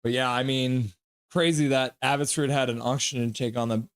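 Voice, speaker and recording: Here a livestream host rambles casually, reading chat messages out loud and giving play-by-play of the game. His mid-range voice is clean and steady at a moderate pace, recorded at studio quality with no echo.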